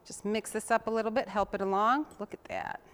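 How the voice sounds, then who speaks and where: A woman hosts a home cooking show and chats warmly to the viewers as she chops. Her pitch sits in the middle of the range, and the talk is loose and homey. She turns away from the mic now and then while she works. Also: steady tone, brisk, slight background noise. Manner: chatty and homey, talks to viewers while chopping. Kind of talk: casual cooking demonstration.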